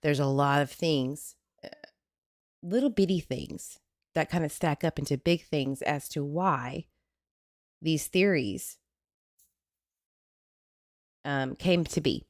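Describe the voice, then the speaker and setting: A woman's voice: low voice, slow, long pauses, darkish tone, no room sound, clean studio sound. A woman with a Southern US accent hosting a casual livestream, chatty and jokey as she greets viewers by name. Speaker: livestream host.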